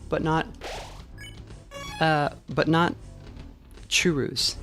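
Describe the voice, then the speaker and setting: A woman's voice: low voice, fairly even intonation, takes it slowly, long pauses, fairly bright tone. A woman streamer chatting casually over her gameplay, rambling into tangents with lots of fillers, speaking into a dynamic USB mic at home. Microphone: dynamic USB microphone. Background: faint game music.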